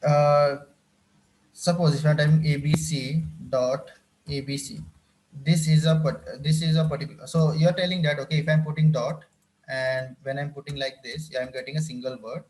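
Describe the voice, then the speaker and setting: A man's voice: on the high side, steady tone, a little fast, a little mellow, a little hiss or hum. A man teaching a live coding class, often repeating phrases and checking whether his students follow. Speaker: instructor.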